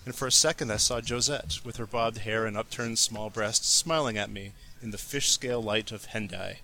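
A man reading a passage of fiction aloud for comic effect, steady and plain. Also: lowish voice, moderate pace, low-quality recording. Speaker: reader.

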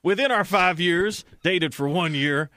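A man's voice: sits high, a little slow, pushed and bright, no echo, clean studio sound. A young man co-hosting a comedy podcast, reading a listener's letter aloud with frequent chuckles and side remarks. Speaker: podcast co-host.

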